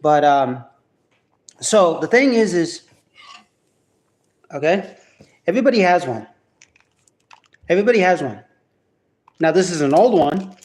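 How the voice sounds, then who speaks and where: A man's voice: fairly high pitch, expressive, unhurried, long pauses, darkish tone. A man ranting casually to camera in a vlog at home, profane and rambling with many restarts. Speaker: vlogger.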